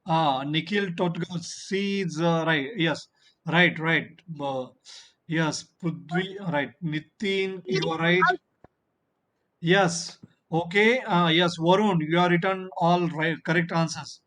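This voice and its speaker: A man's voice: a little high, takes it slowly, fairly bright tone. A man teaching a class online, encouraging and praising his students often while explaining the lesson. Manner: encouraging, repeats praise and "you know"; firm about turn-taking. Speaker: English teacher.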